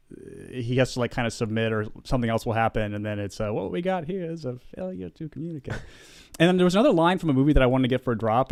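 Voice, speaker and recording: A man's voice: medium pitch, clean tone, no room sound, studio quality. A young man co-hosting a podcast, talking casually in a sarcastic, joking, rambling way. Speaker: podcast co-host. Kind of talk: casual chat.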